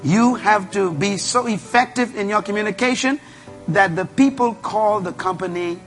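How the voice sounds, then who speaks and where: A high-pitched man delivers a motivational sermon. He is emphatic and repetitive, and he drives his points home by commanding the audience. Faint music plays underneath. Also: normal speed, fairly bright tone. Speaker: preacher and leadership speaker.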